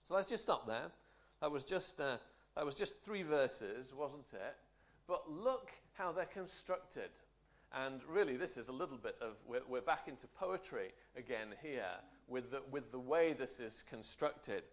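A man's voice: mid-range voice, animated, a little slow. A man teaching a Bible study in a conversational way, often checking in with tag questions.

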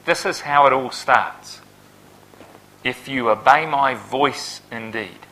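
In a poorly recorded Bible sermon, a man speaks at a slow pace. His delivery rises to loud, forceful peaks and then sinks back to something low and quiet.

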